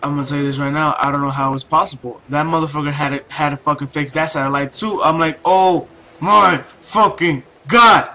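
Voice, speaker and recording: Young man ranting, bright voice. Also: fairly high pitch, flat delivery, fast, few pauses, a little hiss or hum. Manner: profane, ranting, hesitant restarts. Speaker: video commentator. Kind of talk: casual storytelling commentary.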